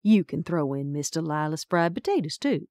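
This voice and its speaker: A woman's voice: deep voice, very animated, moderate pace, a little mellow, no echo, studio quality. A woman voicing a sly, teasing male judge in an audiobook. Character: sly middle-aged male small-town judge.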